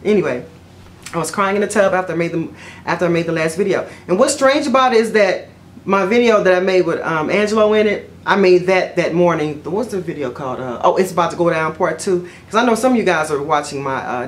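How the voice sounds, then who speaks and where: A chatty woman vlogger tells a story to camera, rambling with fillers and self-corrections. She's animated and talks fast, and her pitch jumps high whenever she quotes herself.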